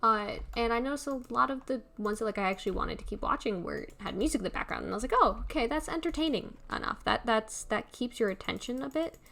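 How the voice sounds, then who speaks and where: Streaming a block-building game, a woman chats casually and rambles, laughing often. Her voice sits on the high side and is fast and creaky with a sharp tone, and she barely pauses.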